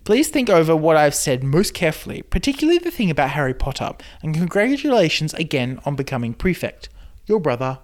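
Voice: medium pitch, very animated, fairly quick, lightly acted. A podcast host reading a letter aloud as a pompous young male wizard, in a stiff put-on British accent.

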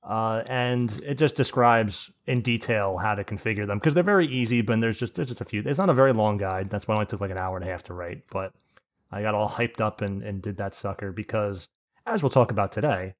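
A man's voice: on the low side, brisk. A man hosting a podcast in casual chat, telling rambling stories with swearing and laughs. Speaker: podcast host.

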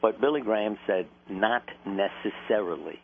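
A man's voice: on the low side, normal speed. A man, a doctor, telling stories in an earnest, anecdotal way and laughing now and then. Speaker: doctor, interview guest. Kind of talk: conversational storytelling. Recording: tinny phone-line sound with faint noise.

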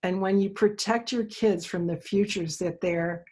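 A woman therapist, a guest in an interview, telling stories lively and acting out the lines she quotes. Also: medium pitch, unhurried, breathy edge. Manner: animated storyteller, acts out quoted dialogue. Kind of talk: conversational interview, storytelling.

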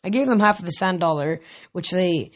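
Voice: mid-range voice, lively intonation, brisk. An audiobook reader narrating a story in first person, in a casual delivery with frequent stumbles and self-corrections.

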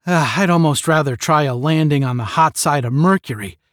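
A man's voice: a little high, brisk, a bit bright, dry recording, clean studio sound, close to an everyday voice. A man doing earnest captain Strong. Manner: earnest, resolute. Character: male academy captain Steve Strong, troubled but resolute.

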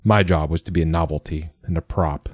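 A man giving measured, wry, reflective first-person audiobook narration. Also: a bass voice, fairly even intonation, no echo, studio quality.

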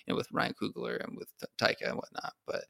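A man's voice: fast talker, bright, forceful tone. A young adult man co-hosting a podcast, joking wryly and often correcting himself mid-sentence. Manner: joking, self-correcting, wry. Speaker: podcast co-host. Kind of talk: casual podcast chat.

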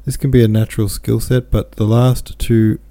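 A man hosting a podcast, reading a classic novel chapter aloud and chatting about listener comments in relaxed, informal asides. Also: mid-range voice, normal speed. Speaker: podcast host and reader.

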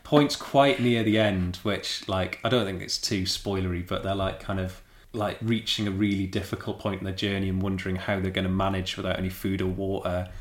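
A man with a low voice chats casually about a book, animated and full of fillers. He keeps slipping into quick snippets of other voices as he retells scenes. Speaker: podcast co-host.

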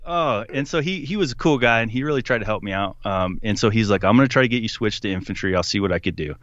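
Animated man telling army stories. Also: fairly low pitch, fast talker, no room sound, lo-fi sound. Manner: animated, quotes people in voices, laughs often. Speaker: podcast guest. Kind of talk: casual storytelling.

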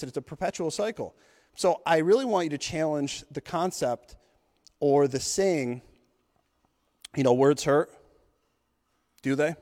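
Male podcast host, 30s, intense and profane motivational delivery, slightly high voice, reverberant hall sound. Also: darkish tone. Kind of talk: motivational monologue.

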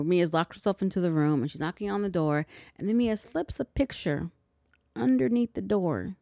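A woman's voice: on the low side, creaky, no room sound, clean studio sound. A woman hosting a podcast, recapping a movie in a chatty way with sarcastic asides. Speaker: podcast host.

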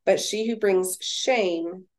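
A woman's voice: medium pitch, slow pace. A young woman co-hosting a casual faith-based podcast, reading scripture verses and then chatting about them with fillers. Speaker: podcast co-host.

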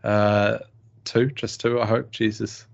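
A man's voice: on the low side, flat delivery, takes it slowly, vocal fry. A man chatting on a podcast, blunt and swearing a lot. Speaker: podcast guest. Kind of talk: casual podcast chat. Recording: dull lo-fi sound.

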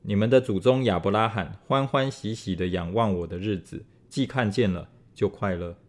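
A man reads scripture aloud at an even, measured pace. His voice sits somewhat low. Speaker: scripture reader.

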